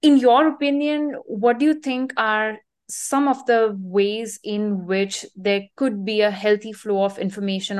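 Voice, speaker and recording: A woman interviewer posing a long, carefully framed question in a measured way. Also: medium pitch.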